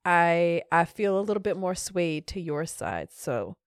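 A woman's voice: fairly low pitch, sing-song, a little slow, clear, resonant tone, no echo, clean studio sound. A woman co-hosting a podcast in casual chat, thinking aloud and working through her opinions. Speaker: podcast co-host.

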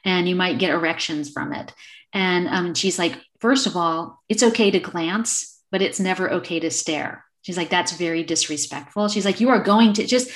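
A woman's voice: on the low side, moderate pace. A middle-aged woman in casual conversation, speaking openly and acting out little snippets of dialogue as she explains. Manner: animated, acts out little dialogues. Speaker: guest.

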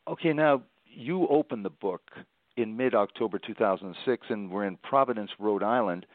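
A man with a lowish voice hosts an interview, speaking in a measured, formal way. The sound is thin and phone-like, and it is dry, with no room echo. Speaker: radio show host. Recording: tinny phone-like line, dry.

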